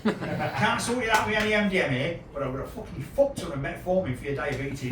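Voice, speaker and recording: A man in his fifties with a Yorkshire accent, doing a sweary, deadpan stand-up set in a small pub room. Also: on the high side, fairly quick, echoey room, recorded from a distance, over a noisy crowd, low-quality recording. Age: 50s. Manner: crude, swearing, deadpan storytelling. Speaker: stand-up comedian. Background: audience laughter.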